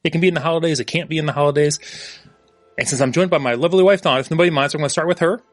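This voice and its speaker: A man hosting a podcast, giving quick, friendly lead-ins that hand the floor to his wife. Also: fairly high pitch, no room sound, soft background music. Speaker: podcast host. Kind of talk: casual chat.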